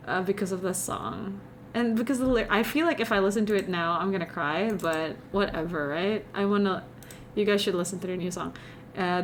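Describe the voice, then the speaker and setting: A woman's voice: mid-range voice, a bit bright, slight background noise. A young woman from Indonesia with an Indonesian accent, chatting casually on a live stream from home in a meandering, confiding way. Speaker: livestreamer.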